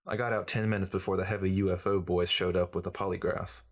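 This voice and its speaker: A man's voice: deep voice, flat delivery, fast, lightly acted. A man reading as a glib, cynical journalist who lectures breezily in an audiobook. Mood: lecturing. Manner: breezy, lecturing, know-it-all.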